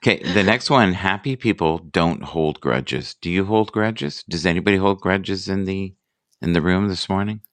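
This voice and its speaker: Man, very deep voice, dry close sound, casual live chat host, musing, self-deprecating. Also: fairly bright tone, dry recording. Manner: musing, self-deprecating, reads out sayings slowly.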